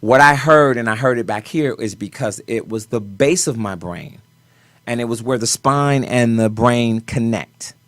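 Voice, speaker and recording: A man in a mid-range voice recounts a personal ordeal on a talk show. He talks in animated bursts, dropping low and then rising loud. The sound is close and dry, with no room around it. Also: a little slow, no room sound. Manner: animated storyteller with sudden swings in loudness. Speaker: guest choreographer.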